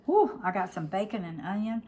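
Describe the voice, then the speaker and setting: A woman's voice: mid-range voice, expressive, fairly quick, dark tone. An older woman, hosting a casual home cooking demo in her kitchen and chatting straight to her viewers. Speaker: cooking show host.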